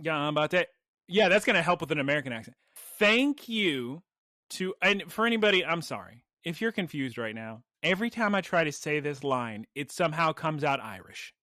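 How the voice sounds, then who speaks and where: Man, podcast host, excitable casual chat; bright, high voice. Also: a little fast, no echo, studio quality. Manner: excitable, gushing.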